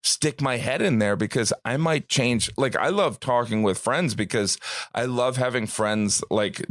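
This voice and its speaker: A man's voice: medium pitch, measured pace, no room sound, studio quality. A man who is a guest comedian on a podcast, musing casually and often acting out quoted voices with a self-deprecating touch.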